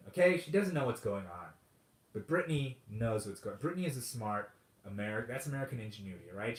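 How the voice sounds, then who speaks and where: A man hosting a podcast, ranting in a comedic monologue, profane and sarcastic, dropping to mutters and then bursting out loud. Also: medium pitch. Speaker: podcast host. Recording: roomy echo.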